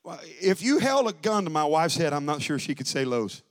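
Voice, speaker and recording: High-voiced preacher man. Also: sing-song, normal speed. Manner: joking and conversational, building to shouted preaching. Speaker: pastor. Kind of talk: Pentecostal sermon.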